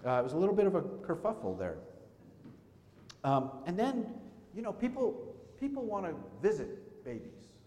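A middle-aged pastor with a high, darkish-toned voice preaches a conversational sermon in a church sanctuary, swinging widely in pitch at a moderate pace with long pauses. He tells stories and asks the congregation questions. The echoey church hall gives the recording a long reverb.

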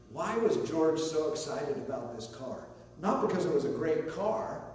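A male pastor delivers a sermon in an easygoing, conversational way, with story asides and a bit of humor, at a middling pitch. He is picked up from some distance in a very echoey hall with a long reverb tail. A faint hum sits under his voice. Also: a little mellow.

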